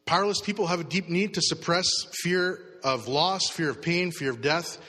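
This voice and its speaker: Male pastor, conversational sermon, acts out inner voices, bright tone, big hall reverb. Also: fairly high pitch, moderate pace. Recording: long reverb of a large hall.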